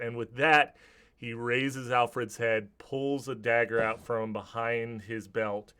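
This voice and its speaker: A man's voice: medium pitch, flat delivery, takes it slowly, pushed and bright, clear, resonant tone. A man narrating a tabletop game as game master, describing scenes vividly with some restarts.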